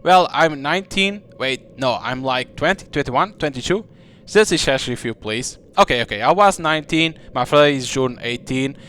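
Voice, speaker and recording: A man's voice: medium pitch, normal speed, fairly bright tone, smooth, close to an everyday voice. A cheerful, chatty young heroine, as a man puts her on while reading a game aloud. She rambles eagerly in a bubbly, lifted voice, hopping from thought to thought.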